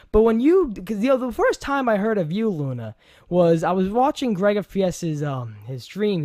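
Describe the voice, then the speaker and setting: Rambling New York man, higher voice. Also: dry recording, clean studio sound. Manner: animated, rambling, laughs often. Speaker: podcast host. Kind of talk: casual chat.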